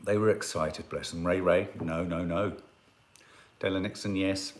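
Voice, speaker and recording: A man's voice: sits low, steady tone, measured pace. A man hosting a casual live stream, chatting in a rambling way and reading out viewer comments. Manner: chatty and rambling, with frequent restarts and asides.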